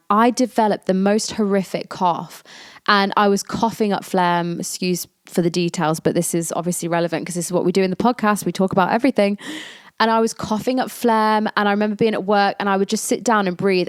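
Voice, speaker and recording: A woman's voice: fairly low pitch, clean tone, no room sound, clean studio sound. A woman, hosting a podcast and candidly telling a personal story in a chatty way, acting out the lines of the people in it. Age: 20s. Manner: candid and chatty, acts out quoted dialogue. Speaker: podcast host.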